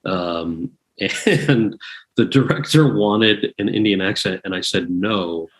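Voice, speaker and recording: A man's voice: lowish voice, slow pace. A man in his forties, guest on an interview podcast, telling stories and acting out quotes in a raised voice. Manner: animated storyteller, acts out quotes in raised voice; many restarts and fillers. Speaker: guest actor and author. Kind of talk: casual interview chat.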